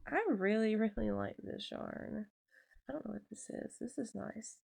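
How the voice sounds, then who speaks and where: Gravelly, chatty woman host gushing over crafts. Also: medium pitch, moderate pace, a little mellow. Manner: gushing, emotional, chatty with Southern "y'all". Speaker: podcast host. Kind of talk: casual chat to camera.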